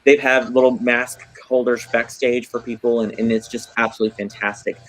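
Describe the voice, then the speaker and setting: A man's voice: mid-range voice, flat delivery, brisk, fairly bright tone, rough recording. A man hosting a casual livestream chat for a theater, effusive and gushing, full of ums. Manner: effusive, gushing, many fillers. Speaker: theater host.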